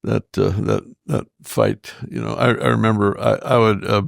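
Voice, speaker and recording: An older man, a guest pastor, talking haltingly in an interview and often repeating his words. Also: fairly low pitch, fairly even intonation, gravelly, no room sound, studio quality. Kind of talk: conversational interview.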